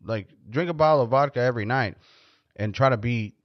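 A man's voice: mid-range voice, brisk, dry recording. A man hosting his own show, talking in a casual, rambling monologue that is blunt, profane and joking. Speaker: podcast host. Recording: dull, dry lo-fi recording.

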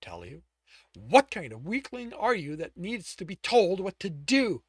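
A man reading out a cruel, contemptuous father figure from a storybook. He spits scorn at his son, and his pitch swings widely from line to line in a dry, close sound. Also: sing-song, a little slow, slightly rough, no room sound, heavily acted. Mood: scornful. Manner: scornful, berating.

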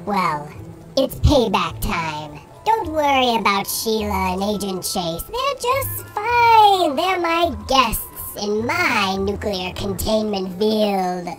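A squeaky little bat monster villain, gloating and vengeful, with a high helium-like voice. He swoops wildly up and down in pitch and drags his taunts out slowly. Game music plays behind him. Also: sing-song, exaggerated voice, poor audio. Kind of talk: let's play character voice.

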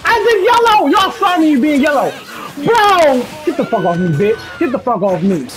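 A young woman loudly commentating her own gameplay, cursing and yelling at her opponents. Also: high voice, very animated, normal speed. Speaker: gaming streamer. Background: game music.

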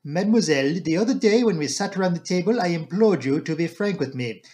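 A man's voice: fairly high pitch, expressive, brisk, a little mellow, natural voice. A man voicing a shrewd, fussy older Belgian male detective who talks precisely and drops in French phrases. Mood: coaxing.

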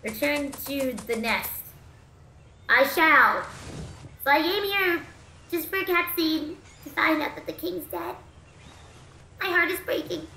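A woman's voice: high-pitched, takes it slowly, pauses often, pushed and bright, reverberant, slight background noise. A woman streaming as a VTuber, chatting goofily through a game with jokes and the odd swear. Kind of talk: gameplay commentary.

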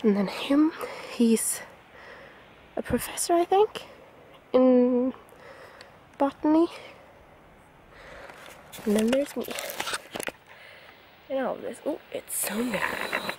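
A woman's voice: high voice, animated, takes it slowly, long pauses, mellow, slight background noise. A young woman in her twenties chatting enthusiastically to a handheld camera outdoors, laughing often. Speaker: student vlogger. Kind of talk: casual vlog chat. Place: outdoors in the countryside.

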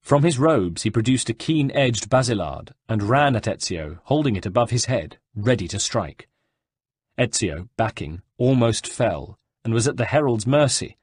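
A man narrating an audiobook in measured, scripted storytelling. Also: fairly low pitch, lively intonation, slightly rough, no echo, studio quality.

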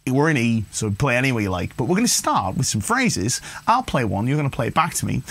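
Husky-voiced man teaching guitar live. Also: mid-range voice. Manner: relaxed, chatty, encouraging, addresses viewers as "you guys". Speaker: guitar teacher hosting a livestream. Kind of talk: live guitar lesson, reading chat comments. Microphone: livestream mic with guitar playing. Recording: guitar music faintly behind.

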